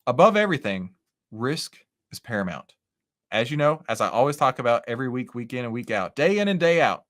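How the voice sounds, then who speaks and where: A man hosting a live stock-trading stream, chatting casually to viewers as he walks through charts and often asks "right?". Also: mid-range voice. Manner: lively, animated, talks with chat and charts; says "right?" and "okay?" often. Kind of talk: casual live market commentary.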